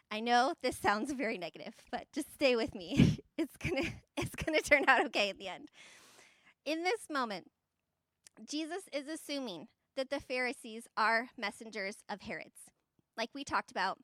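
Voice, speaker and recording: A woman's voice: on the high side, fairly bright tone, dry recording. A woman giving a casual Bible lesson, chatty and conversational, with fillers, tag questions and light laughs. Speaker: Bible teacher.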